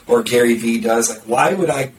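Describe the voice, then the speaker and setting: A man talking about marketing in a casual podcast conversation, blunt and sarcastic, with quick restarts and repeated words. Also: medium pitch. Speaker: marketer discussing content strategy. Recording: roomy, distant mic with faint background noise.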